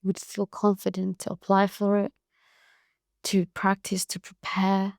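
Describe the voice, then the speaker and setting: A woman's voice: medium pitch, monotone, measured pace, a little mellow, no room sound, studio quality. A woman hosting a podcast solo, talking bluntly and profanely, like a tough-love pep talk. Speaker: podcast host. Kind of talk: casual monologue.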